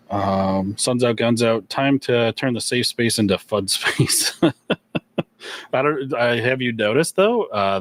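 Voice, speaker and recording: A man's voice: lowish voice, fairly bright tone, no echo. A man hosting a gun shop livestream, reading viewer questions in a laid-back, chuckling way with lots of fillers.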